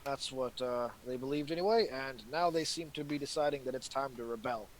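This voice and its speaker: A man playing a dwarf character in a tabletop game, speaking in character with a halting, gruff manner. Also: medium pitch, a little hiss or hum. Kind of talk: in-character roleplay and table chat.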